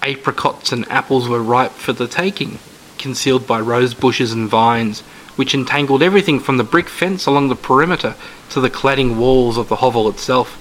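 A man reading a short story aloud as narrator, in a steady, measured way. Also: mid-range voice, a little hiss or hum, poor audio.

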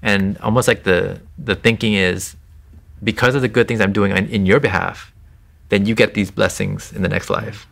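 A man's voice: on the low side, fairly even intonation, moderate pace, gravelly, fairly bright tone. A man giving an earnest, conversational faith testimony in an interview, talking with frequent restarts and "you know". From Thai family background. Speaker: interview guest sharing his faith testimony.

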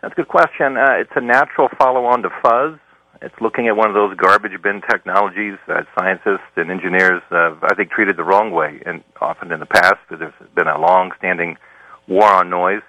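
A man, a professor guest on a talk show, explaining ideas in a measured, lecturing way. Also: sits low, pushed and bright, no room sound, lo-fi sound. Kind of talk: explanatory interview answers.

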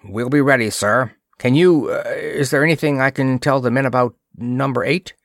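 A man's voice: medium pitch, moderate pace, creaky, dry recording, clean studio sound, pitched above the performer's own voice, lightly acted. An eager gunner, read by a man. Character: eager male gun station chief.

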